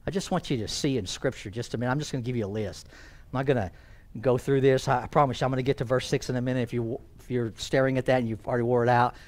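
A man preaching a sermon as pastor in a church, swinging from loud emphasis down to hushed near-whispers. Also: mid-range voice.

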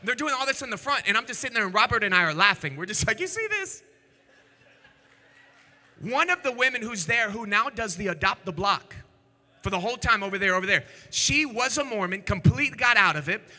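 A man preaching with a high, very bright and cutting voice, animated and swinging from shouting peaks down to hushed, low storytelling. His sermon rings out in a church hall with a long, echoing reverb. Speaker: pastor. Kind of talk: energetic sermon. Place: church sanctuary.

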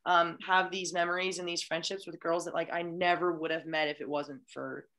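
A woman's voice: lowish voice, flat delivery, a little fast, a bit bright. A young woman, a college beach volleyball player, chatting as a podcast guest in a gushing, enthusiastic way with many restarts. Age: young adult. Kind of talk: casual chat.

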